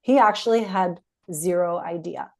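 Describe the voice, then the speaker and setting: A woman's voice: lowish voice, normal speed, darkish tone. A woman hosting a podcast interview, affirming and encouraging her guest. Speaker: podcast host. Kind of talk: casual interview.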